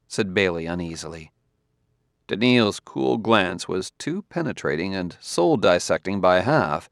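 Gravelly low-voiced male narrator. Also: animated, measured pace, dry recording, studio quality. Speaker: audiobook narrator. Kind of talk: scripted narration.

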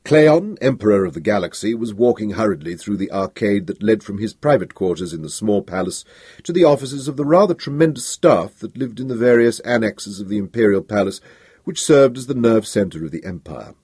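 A man narrates an audiobook with an expressive, dramatic delivery. His pitch swings widely and his voice has a husky grain. The recording is dry and close to the mic. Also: fairly quick, no echo.

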